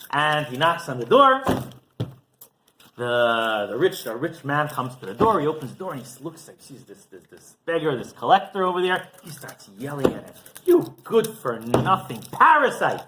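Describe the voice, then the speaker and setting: A man's voice: on the high side, background noise. A rabbi giving a sermon as a story, chuckling often and checking in with his listeners. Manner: animated, chuckling, keeps asking "right?". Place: synagogue.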